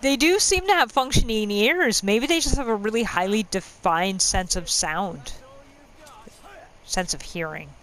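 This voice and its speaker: A woman's voice: mid-range voice, lively intonation, a little slow, a bit bright, rough recording. A woman hosting a let's-play, talking in a chatty, musing way and laughing often while she plays. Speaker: gaming channel host.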